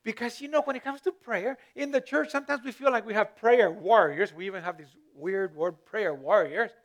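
A man's voice: extremely high pitch, fast talker, a bit bright. A male pastor giving a conversational sermon, often repeating words as he searches for them and lifting his voice for emphasis.

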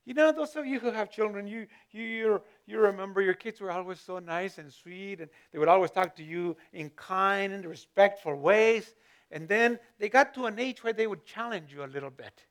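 A man's voice: sits high, moderate pace. A male pastor giving a conversational sermon, often repeating words as he searches for them and lifting his voice for emphasis.

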